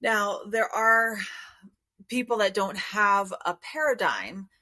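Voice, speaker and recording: A woman therapist talks through her method as a podcast guest. She is calm and measured, explaining steadily in a mid-range voice. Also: medium pitch.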